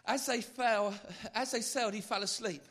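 Bright, high-voiced man preaching with comic flair. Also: normal speed. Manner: animated, comic storytelling with acted-out voices. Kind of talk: comic evangelistic sermon. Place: church meeting.

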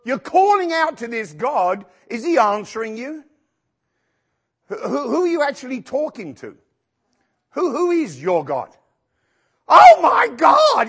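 A male pastor preaching a sermon in a church, acting out quotes with sudden shouts. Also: high-pitched, slightly rough. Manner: animated, acts out quotes with shouts.

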